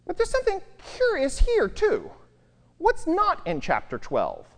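Lively Bible teacher, pitch swinging widely, quizzing the listeners, recorded in a hall with long reverb. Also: a little slow. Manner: animated, asks the listeners rhetorical questions.

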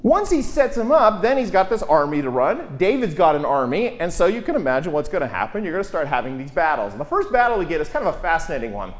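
A man giving an informal, wry Bible lecture, telling the story in a lively way and quoting the characters. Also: a little high, quick pace, few pauses.

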